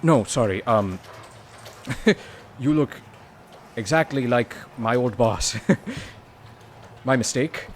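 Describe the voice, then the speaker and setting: A man playing a polite businessman character in a tabletop game, measured and formal, laughing often. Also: medium pitch, expressive, a little hiss or hum. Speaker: player.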